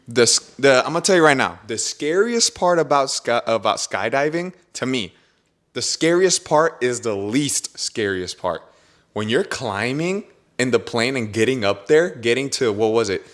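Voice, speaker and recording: Slangy young man telling a story. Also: mid-range voice. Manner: animated, slangy, says bro and dude a lot. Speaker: podcast host. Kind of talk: casual storytelling chat.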